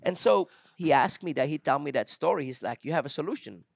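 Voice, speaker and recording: A man with a gravelly, mid-pitched voice tells a dog-training story in loose, casual chat. He acts out the people in it and laughs as he goes. The sound is dry and close. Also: fast, no room sound. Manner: animated storyteller, acts out quotes, laughs often. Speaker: dog trainer and podcast host.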